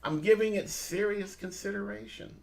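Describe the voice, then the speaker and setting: A man's voice: high voice, moderate pace, gravelly, a little mellow. A man co-hosting a casual morning show, upbeat, laughing often and calling his listeners family. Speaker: co-host.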